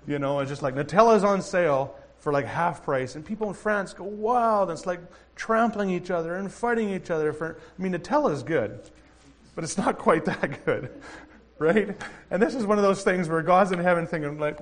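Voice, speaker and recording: A man in his thirties preaching a conversational sermon, animated and acting out quoted voices. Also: a little high, a little fast. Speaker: pastor.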